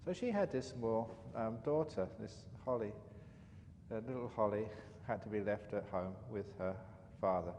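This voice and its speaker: A man, a monk, giving a dharma talk as an animated, chatty storyteller. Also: on the low side, normal speed, lo-fi sound. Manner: animated, chatty storyteller with frequent "you know". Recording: reverberant hall, faint background noise.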